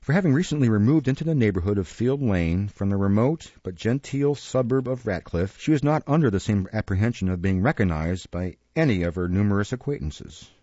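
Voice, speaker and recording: A man reading a classic novel aloud in a measured, expressive storybook narration, recorded close and dry in a dull lo-fi recording. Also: fairly low pitch, no echo. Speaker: audiobook narrator.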